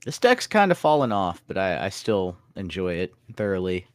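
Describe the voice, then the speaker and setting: A man's voice: low-pitched, big pitch swings, moderate pace, dry recording. A man playing a card game against the host, chatting in an easygoing way and laughing often. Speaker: guest opponent in a card game match. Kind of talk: casual gaming chat.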